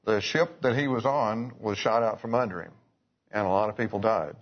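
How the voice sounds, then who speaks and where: A man's voice: fairly low pitch, moderate pace. A man preaching a sermon, telling stories in a folksy way with restarts and asides. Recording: dull lo-fi recording.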